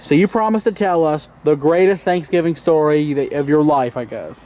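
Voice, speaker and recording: A man's voice: on the high side, normal speed, a little mellow. A young man, the son behind the camera, prompting his father's stories with teasing, skeptical questions. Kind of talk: casual chat.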